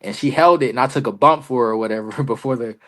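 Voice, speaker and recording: A man's voice: mid-range voice, quick pace, fairly bright tone. A man, a wrestler guest on a podcast, telling stories casually in slangy talk and acting out both sides of past conversations. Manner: slangy, loose, peppered with "bro" and "you feel me". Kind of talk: casual storytelling interview.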